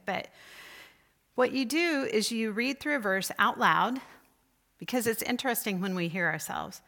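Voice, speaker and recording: Bright-voiced woman teaching a church class. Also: mid-range voice, vocal fry. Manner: conversational, asks the group questions. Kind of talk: church lecture.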